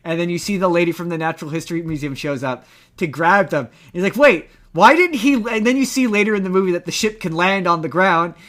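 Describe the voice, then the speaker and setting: A man co-hosting a podcast in casual chat, retelling a film scene by scene and acting out its lines. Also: high-pitched. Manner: animated, acts out movie lines in quick retellings. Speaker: podcast co-host.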